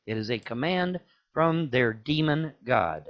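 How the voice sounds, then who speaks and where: A man delivering an angry, profane rant, cursing loudly and repeating himself. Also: medium pitch, animated, measured pace. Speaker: ranting video creator. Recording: dull lo-fi audio.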